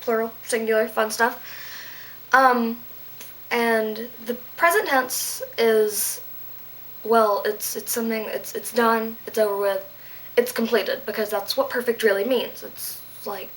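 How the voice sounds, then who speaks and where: A woman giving a casual video lesson on Latin verbs, playful and goofy, with quick jokes and side comments. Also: fairly high pitch, steady tone, fairly bright tone, rough recording. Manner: playful, goofy asides and self-deprecating jokes. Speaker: Latin tutor.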